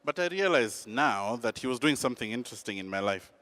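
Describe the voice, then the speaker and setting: A man telling a personal story in an animated, dramatic, self-mocking way. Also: mid-range voice, fast talker.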